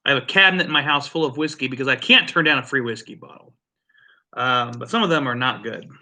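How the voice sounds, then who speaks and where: A man's voice: medium pitch, fast, bright, forceful tone. A man hosting a casual drinks livestream, rambling and joking with profane asides. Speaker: livestream host.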